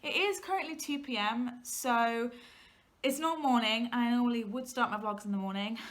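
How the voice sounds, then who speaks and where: A woman's voice: a little high, normal speed, a bit bright. A young woman in her late teens from England, chatting to camera in a rambling way, a little out of breath, from her home kitchen. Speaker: vlogger. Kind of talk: casual chat.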